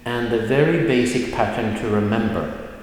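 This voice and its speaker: A man teaching a Swedish pronunciation video lesson at a whiteboard, explaining slowly and patiently and drawing out example words. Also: mid-range voice. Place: classroom with whiteboard. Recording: roomy, echoey room with long reverb and faint noise.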